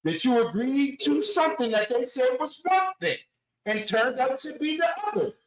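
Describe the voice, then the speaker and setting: A man's voice: very high voice, sing-song, normal speed. A man co-hosting a podcast, making his point earnestly in casual debate, restarting sentences often. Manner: restarts, repeats "here's the thing", earnest. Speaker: podcast co-host. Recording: echoey room.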